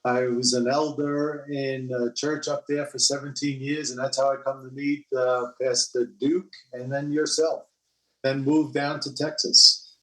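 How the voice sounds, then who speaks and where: A man's voice: mid-range voice, level tone, pushed and bright. Middle-aged man, New York accent, echoey room. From Long Island, New York. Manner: plain, halting with many uhs. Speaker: podcast guest. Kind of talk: casual podcast conversation.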